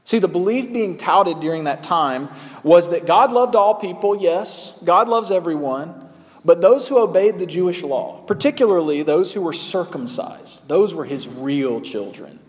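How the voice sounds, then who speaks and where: A man's voice: high-pitched, expressive, a little slow. Man preaching in a reverberant church. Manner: conversational preaching with frequent fillers. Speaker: pastor. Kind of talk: sermon.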